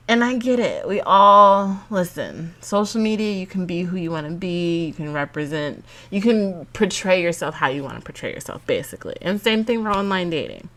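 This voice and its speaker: A young woman hosting a podcast, telling a dating story in a chatty, animated way, laughing often and acting out what people said. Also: mid-range voice, moderate pace. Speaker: podcast host. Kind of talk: casual storytelling monologue.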